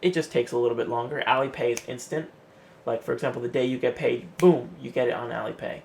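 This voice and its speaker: Man, casual vlogger, gravelly voice, chatty and animated, faint background hum. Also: mid-range voice, fast. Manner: chatty, acts out quotes in an animated way. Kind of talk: casual vlog talk.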